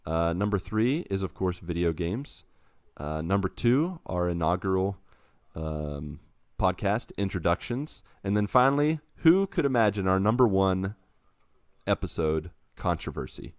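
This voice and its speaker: A man's voice: low voice, animated, a little slow, dry recording, clean studio sound. A man hosting a casual podcast, upbeat and jokey as he runs through the segment. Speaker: podcast host.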